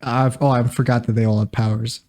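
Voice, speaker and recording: A man's voice: mid-range voice, level tone, fairly quick, a little mellow. A man co-hosting a casual comedy podcast, throwing in dry, sarcastic quips and mock-serious asides. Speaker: podcast co-host.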